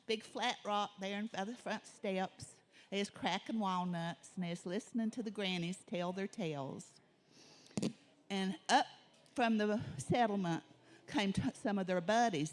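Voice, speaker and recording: A woman telling a mountain folk tale in a warm drawl. Her delivery is folksy and unhurried, drawing out the lists and pausing to let the words land. She sounds like a live oral storyteller. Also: mid-range voice.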